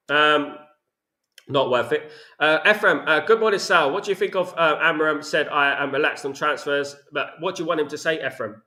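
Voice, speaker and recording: A man's voice: a little high, normal speed, pushed and bright. Blunt man ranting casually. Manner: blunt, opinionated, repeats himself with "you know what I mean". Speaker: host reading viewer chat. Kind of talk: casual live-stream chat.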